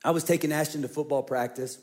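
A man's voice: a little high, steady tone, fast talker, darkish tone. A middle-aged man, a senior pastor, preaching a sermon and telling a personal story earnestly, often repeating phrases.

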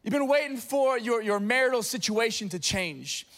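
High-voiced man preaching a lively sermon. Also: normal speed. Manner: animated storytelling, swinging from hushed to loud. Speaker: pastor. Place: church sanctuary.

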